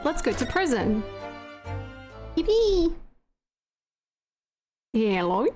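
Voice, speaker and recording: A woman streaming a game playthrough live, giggly and excitable, swearing now and then. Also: high voice, very slow. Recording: game music behind.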